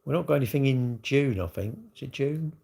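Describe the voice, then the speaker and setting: Gravelly man in his sixties. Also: medium pitch, lively intonation, a little fast, warm tone. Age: 60s. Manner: rambling, chatty, rhetorical tag questions. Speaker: livestream host. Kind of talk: casual chat answering viewers' comments.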